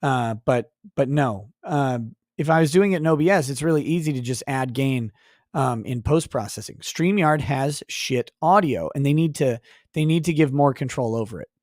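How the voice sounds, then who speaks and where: A man's voice: medium pitch, normal speed, darkish tone, no room sound, studio quality. A man hosting a live stream, reading chat aloud and going on profane mock rants. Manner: profane, mock-ranting at chatters. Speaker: livestream host.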